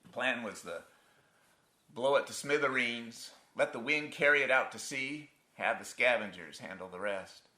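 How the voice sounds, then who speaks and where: A man's voice: mid-range voice, normal speed, bright, forceful tone. A man acting a stage monologue as a grown son haunted by his abusive father, telling it in a wry, folksy rural dialect on a theatre stage. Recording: roomy theatre sound.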